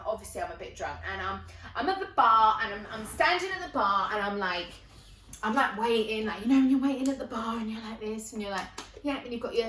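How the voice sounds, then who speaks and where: A woman's voice: fairly high pitch, a bit bright. A young woman with an Essex accent telling a rambling, sweary comic story alone in her bedroom. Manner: chatty, rambling, swears freely. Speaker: comedic storyteller. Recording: echoey room, mic at a distance.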